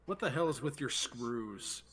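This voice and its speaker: A man's voice: medium pitch, expressive, measured pace, fairly bright tone. A man on a livestream, talking offhandedly and grumbling while he builds a model kit. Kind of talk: casual chat on a livestream.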